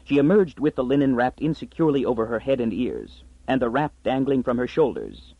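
A man narrating a story in an expressive, scripted reading. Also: medium pitch, fairly quick, vocal fry, husky, no room sound. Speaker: audiobook narrator. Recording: dry, slightly muffled audiobook.

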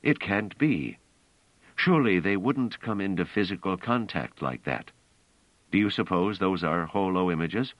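A man's voice: low voice, lively intonation, unhurried, dry recording, lo-fi sound. A man doing a wondering, hesitant scholar.

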